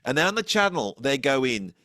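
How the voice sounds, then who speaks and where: A man hosting a casual conversation, telling animated stories and laughing often. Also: medium pitch, normal speed, dry recording, studio quality. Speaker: podcast host.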